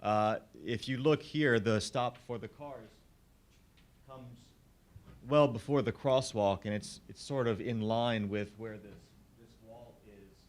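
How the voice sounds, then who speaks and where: A man, a new resident, giving a polite and measured public comment with a constructive suggestion. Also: mid-range voice. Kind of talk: public comment at town meeting.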